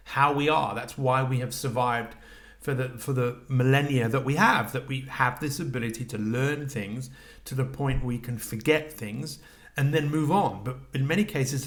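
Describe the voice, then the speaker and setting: Man, middle-aged, coaching podcast host, reflective, questioning, mid pitch. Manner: reflective, asks the listener questions, frequent fillers and restarts. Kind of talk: solo podcast monologue.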